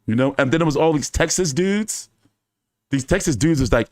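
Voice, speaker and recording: Swearing and laughing as he shares anecdotes, a boxing channel host casually entertains his viewers in an animated, loose way. His voice is slightly high and his pace moderate, recorded dry at studio quality.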